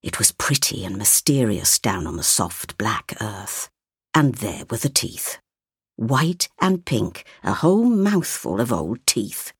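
A woman reading a story aloud, slowly and expressively. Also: very deep voice, very animated, slightly rough, dry recording, clean studio sound. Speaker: narrator.

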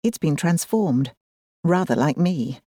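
A woman's voice: sits low, lively intonation, takes it slowly, mellow, dry recording, clean studio sound. A woman, reading a first-person audiobook in a wry, self-deprecating, conversational manner. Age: 40s. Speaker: audiobook narrator.

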